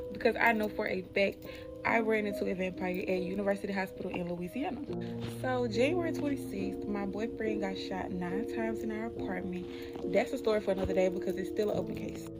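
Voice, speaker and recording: A young woman from Alabama, casually telling a true spooky story straight to her viewers. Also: medium pitch. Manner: chatty, addresses viewers as y'all, drops to a hushed tone for spooky parts. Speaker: storyteller, channel host.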